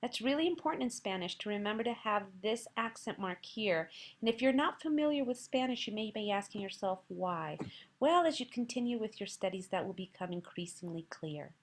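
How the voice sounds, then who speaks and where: A woman's voice: a little high, lively intonation, a little fast, slight background noise. A woman teaching Spanish in a recorded slide lesson, patient and encouraging, carefully pronouncing Spanish words and quizzing the listener. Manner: patient, encouraging, asks quiz questions to the listener.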